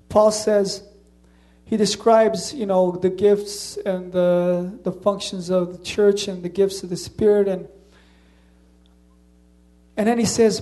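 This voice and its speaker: Preacher, male, light Slavic accent, high and warm-toned, earnest conversational sermon delivery.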